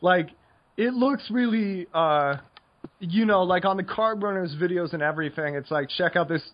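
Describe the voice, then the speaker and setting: A man's voice: sits high, normal speed, lo-fi sound. A tired American man co-hosting a poker podcast, talking casually with lots of fillers while coaching. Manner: rambling, filler-heavy, laid-back.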